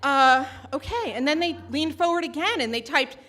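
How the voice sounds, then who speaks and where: A woman's voice: high-pitched, a little fast, fairly bright tone. A woman telling a personal story live on stage into a microphone, in a chatty, self-mocking way full of fillers.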